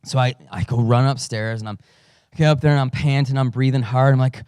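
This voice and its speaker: A man's voice: medium pitch, steady tone, a little fast, a little mellow, clean tone, no room sound, studio quality. A man who is a father, a pastor giving a conversational sermon with storytelling and self-deprecating humor. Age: adult father.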